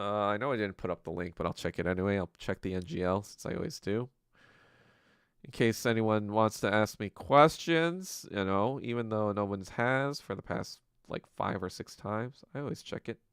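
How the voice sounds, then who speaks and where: A young man hosting a solo podcast stream, rambling in a crude, sarcastic, profane way. His voice is low and gravelly, yet smooth and resonant. It is recorded close and dry, with no room echo. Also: fairly bright tone. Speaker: podcast host. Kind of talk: casual solo livestream rant.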